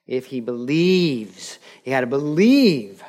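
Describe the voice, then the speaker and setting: A man preaching a sermon as a pastor, animated, acting out quoted voices and telling a joke. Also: mid-range voice, slow pace.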